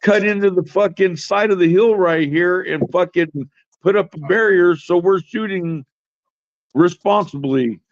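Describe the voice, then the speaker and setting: A man with a fairly high voice tells a brash, swearing story, laughing often and playing out both sides of a quarrel. The sound is dry and a little dull. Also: measured pace, no echo. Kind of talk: casual storytelling chat. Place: home, in Oregon.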